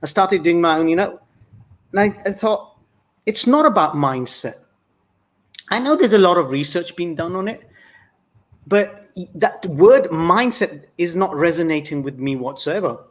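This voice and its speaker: A man's voice: high-pitched, animated, unhurried. A man speaking as a guest on a talk show, earnest and reflective, often restarting his phrases. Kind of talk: conversational monologue.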